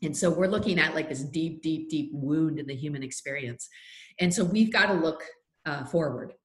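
A woman's voice: deep voice, normal speed. A middle-aged woman telling heartfelt personal stories as a podcast guest, earnest and full of fillers. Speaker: guest, faith leader and anti-trafficking advocate. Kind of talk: podcast interview, storytelling. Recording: roomy echo.

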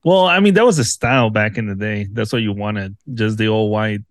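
A man's voice: lowish voice, no room sound. Teasing co-host, a man with a dry sound. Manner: teasing, quick interjections. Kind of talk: casual chat.

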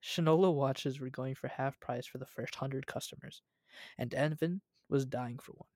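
A young man hosting a show, chatting casually and reading a childhood story aloud in a relaxed way. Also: mid-range voice, normal speed, dry recording, clean studio sound. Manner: relaxed, laughs at his own reading.

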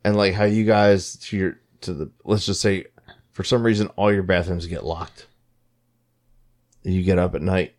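A man in casual chat, telling stories in an animated, profane way. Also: low voice, moderate pace, long pauses.

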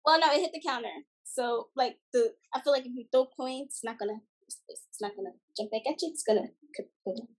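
A young woman with a high, light voice tells a story in casual podcast chat. She restarts her sentences often and breaks into laughter between them. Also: fast talker, few pauses. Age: 20s. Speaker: podcast guest.

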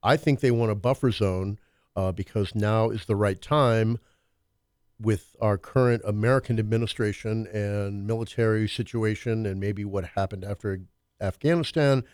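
A man's voice: on the low side, normal speed, darkish tone, clean tone, no room sound, clean studio sound. A man hosting a talk radio show, musing on current events in a rambling, hesitant way full of fillers. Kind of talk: casual political talk.

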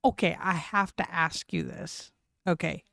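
A woman's voice: on the low side, a little slow, gravelly, fairly bright tone, no echo, clean studio sound. A woman from Oklahoma with a slight twang, co-hosting a casual podcast, blunt and chatty with casual swearing. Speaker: podcast co-host. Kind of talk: casual chat recapping reality TV.

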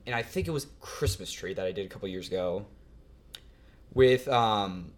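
A man, an actor guest on a podcast, chatting casually and hesitantly, pausing with fillers as he searches his memory. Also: lowish voice.

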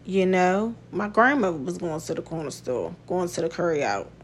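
A woman's voice: lowish voice, expressive, normal speed, slight background noise. A woman hosting a podcast in a casual monologue, talking bluntly, swearing and laughing often. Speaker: podcast host.

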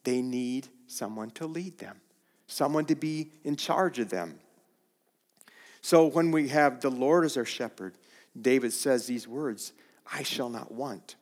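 A man preaching a sermon, slow and deliberate, often restarting his phrases. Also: medium pitch, big-room sound.

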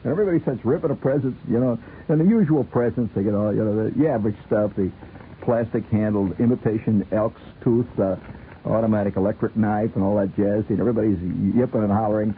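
A man's voice: on the low side, fast, slight background noise. Rambling man on tinny old radio. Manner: rambling, chuckling, playful. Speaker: radio host. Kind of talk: late-night radio chat.

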